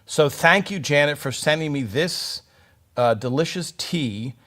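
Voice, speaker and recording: A man's voice: a little high, expressive, a little slow, fairly bright tone. A man hosting a casual live stream, chatting in a rambling way with many fillers and restarts as he greets viewers. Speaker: livestream host.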